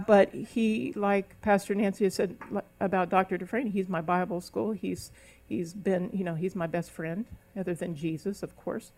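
A woman's voice: medium pitch, steady tone, moderate pace, few pauses, a little mellow. Middle-aged woman pastor preaching, preacherly and emphatic, breaks into tongues. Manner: preacherly, speaks in tongues, rises into emphatic calls. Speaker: minister. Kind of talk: sermon. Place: church service.

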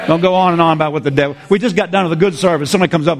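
A man's voice: a little high, very fast, hardly any pauses, a faint crowd. A man preaching a sermon as pastor, exuberant and repetitive, often laughing.

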